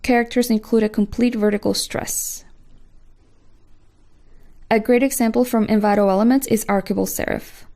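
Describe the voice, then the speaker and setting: Course instructor, woman, scripted lesson narration, mellow and a bit gravelly. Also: fairly high pitch, fairly even intonation, normal speed, pauses often.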